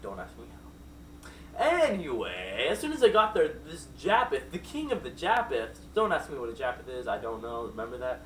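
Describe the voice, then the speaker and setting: A man's voice: medium pitch, wildly swooping pitch, moderate pace, a little hiss or hum. A man telling a made-up, silly story off the cuff, rambling with many digressions and asides. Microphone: distant mic. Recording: roomy echo from far off, faint background.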